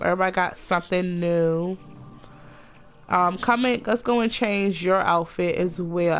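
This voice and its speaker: Woman, low-pitched, sassy game commentary, profane, chatty. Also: vocal fry, clean tone. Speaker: gaming channel host. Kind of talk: casual let's-play commentary.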